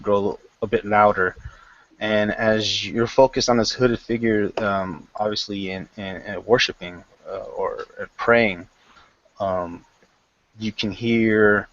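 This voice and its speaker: A man narrates a tabletop game as game master, halting often and correcting himself. He speaks very slowly in a lowish voice. The recording is dry and dull, with a lo-fi sound. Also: fairly bright tone, dry recording. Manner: halting, with many fillers and restarts.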